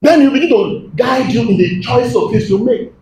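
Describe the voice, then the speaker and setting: A man with a high voice preaches with emphatic force, putting questions to his listeners. He is recorded in an echoey church, with a faint hum underneath. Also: lively intonation, normal speed, darkish tone. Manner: emphatic preaching, calls to the congregation. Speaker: pastor. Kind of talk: sermon.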